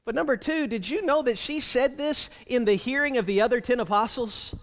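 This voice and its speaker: A man with a very high voice preaches a sermon in a church sanctuary, and the sound rings out with a long reverb. He is plainspoken and wry, and he keeps turning to the congregation with rhetorical questions. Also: brisk, fairly bright tone. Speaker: pastor.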